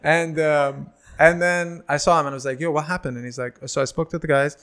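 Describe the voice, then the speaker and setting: Animated storytelling man in his thirties. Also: a little high, fairly quick, smooth. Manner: animated, acts out quoted voices. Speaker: stand-up comedian, guest. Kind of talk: casual storytelling chat.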